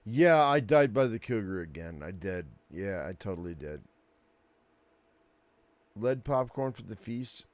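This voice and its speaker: A man's voice: on the low side, expressive, a little slow, pauses often. A man giving casual commentary while playing a video game, swearing often and repeating himself as he grumbles. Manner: casual, swearing, repeats words, grumbles about being angry. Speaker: gaming streamer. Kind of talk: casual let's play commentary.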